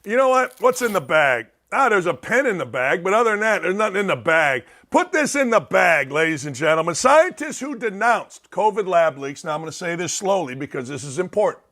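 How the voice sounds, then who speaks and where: A man's voice: fairly quick, hardly any pauses. A middle-aged man hosting a sports talk show, delivering a sarcastic, opinionated monologue with wide swings for emphasis. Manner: sarcastic, animated, swings pitch widely for emphasis.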